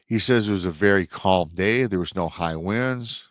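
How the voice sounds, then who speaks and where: A man's voice: deep voice, moderate pace, no room sound, studio quality. A man hosting a show, dramatically retelling a listener's emailed story with emotional asides. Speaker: host reading listener accounts. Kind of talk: storytelling podcast narration.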